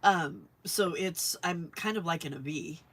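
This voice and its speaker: A woman's voice: fairly low pitch, a little slow, a bit bright, husky. A woman hosting a live crafting stream, chatting casually and rambling as she works and answers her viewers. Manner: rambling, chatty, often laughs, reads live chat. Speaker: crafting livestream host. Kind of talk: casual chat while crafting.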